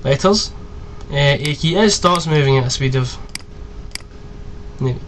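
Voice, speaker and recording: Brief: young man in his twenties, higher pitch, casual swearing tutorial host, faint background hiss. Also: normal speed. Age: 20s. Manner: chatty, rambling, swears freely. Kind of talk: casual screen-recorded tutorial.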